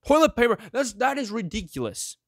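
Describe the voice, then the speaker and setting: A man's voice: very high voice, very animated, fairly quick, fairly bright tone, dry recording, clean studio sound. A man hosting his own show, ranting sarcastically through current events with one rhetorical question after another. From of Greek heritage. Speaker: show host. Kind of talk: ranting solo commentary.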